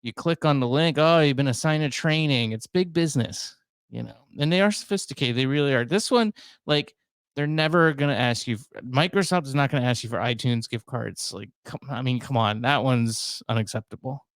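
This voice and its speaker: A man's voice: medium pitch, fairly quick, no echo. A man in his thirties hosting his own podcast, talking alone in a rambling, self-mocking way with a lot of asides. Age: 30s. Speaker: podcast host. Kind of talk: casual solo monologue.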